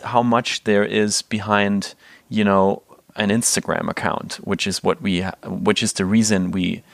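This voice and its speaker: Low gravelly man, dry close sound. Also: fairly even intonation, no echo. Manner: gently curious, halting. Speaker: interviewer. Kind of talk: casual conversational interview.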